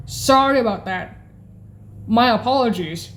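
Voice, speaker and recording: A woman explaining keyboard voice settings in a casual way, halting and often correcting herself and apologizing. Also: a little high. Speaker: keyboard instructor.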